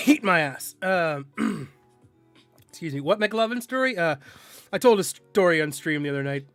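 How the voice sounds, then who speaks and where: A man's voice: on the high side, measured pace, creaky, a bit bright, no echo, faint music behind. A male streamer in casual live-stream chat, joking with his viewers and tripping over tricky words.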